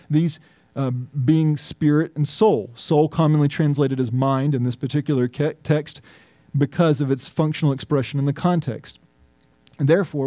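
Emphatic pastor with a dark, mellow voice. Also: male voice, a little high, no echo. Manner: earnest, emphatic, thinking aloud with restarts. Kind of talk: sermon.

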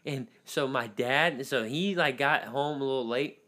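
A man's voice: mid-range voice, measured pace, fairly bright tone. A young man in casual, profane storytelling among friends, laughing often and acting out his family members' lines.

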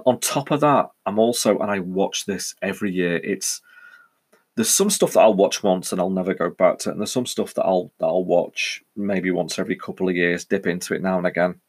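A man with a very low voice and a Northwest English accent mixing Cheshire and Welsh-border tones. He talks through a casual solo podcast in a chatty, meandering way, often stopping to correct himself. He sounds middle-aged. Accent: Northwest English, Cheshire and Welsh-border mix. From England. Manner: rambling, chatty, frequent self-corrections. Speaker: podcast host.

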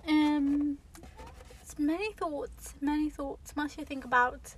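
A young podcast host speaks a little slowly in a high-sitting voice, captured on a rough recording. She's parked in a car park near an airport, where faint airplane noise can be heard, chatting casually on her own and rambling with many fillers and self-corrections.

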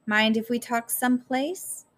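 A woman voicing an older male former teacher, a gruff smoker with a raspy, growling whisper. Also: fairly high pitch, unhurried, a bit bright, voice pushed up. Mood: earnest. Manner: growling, coughing.

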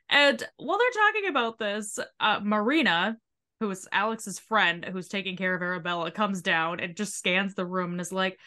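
A woman co-hosting a casual podcast, recapping a reality show in an animated, profane way and acting out quotes. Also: mid-range voice, moderate pace. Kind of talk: casual chat.

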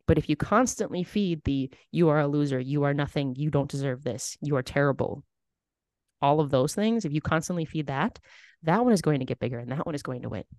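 Podcast host, animated, builds analogies, mid pitch, dry close mic. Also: no echo. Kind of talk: casual conversation.

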